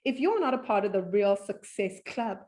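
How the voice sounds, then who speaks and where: A female podcast host closes out the show in an effusive, upbeat way. Her voice sits at a middle pitch. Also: expressive, moderate pace, a little mellow. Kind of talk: podcast wrap-up.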